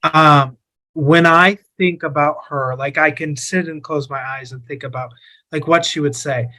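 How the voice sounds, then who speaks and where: A man's voice: on the high side, fairly even intonation, a little slow, pushed and bright, low-quality recording. A man who is a guest on an interview podcast, talking casually about his business, with a rambling, filler-heavy way of talking.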